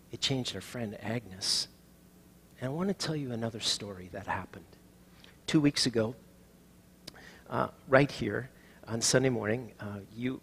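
Male pastor preaching, loud then whispered. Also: medium pitch, a little hiss or hum. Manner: storytelling, swings from loud proclaiming to soft near-whispers. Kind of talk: sermon. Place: church sanctuary.

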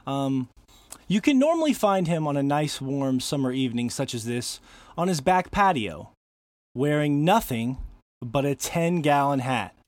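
A man's voice: mid-range voice, animated, unhurried, no room sound. Joking man hosting a podcast. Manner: joking, laughs often. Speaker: podcast host. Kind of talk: casual podcast chat.

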